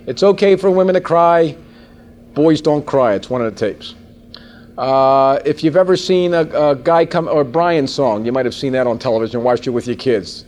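A man in his forties giving a sales training seminar to a live audience, animated and folksy, often turning to ask the room questions. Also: mid-range voice, normal speed.

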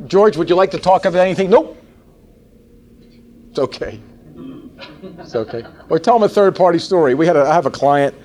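A man in his forties giving a sales training seminar to a live audience, animated and folksy, often turning to ask the room questions. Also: mid-range voice.

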